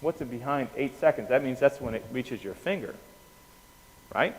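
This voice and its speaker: A man giving an anesthesia lecture, animated, quizzing the class and often checking in with "okay?". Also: mid-range voice, moderate pace. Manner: animated, asks the class questions, keeps saying "okay?". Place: lecture room. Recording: reverberant hall with faint noise.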